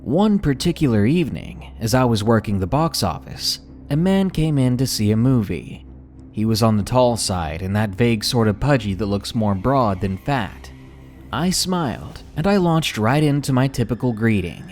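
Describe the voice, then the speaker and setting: Expressive male horror-story narrator. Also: mid-range voice, normal speed, faint music behind.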